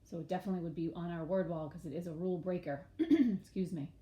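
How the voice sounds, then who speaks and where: A woman teaching young children their sight words, spelling each word letter by letter in a patient, expressive way. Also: on the low side, fast talker, reverberant. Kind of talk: early-grades reading lesson.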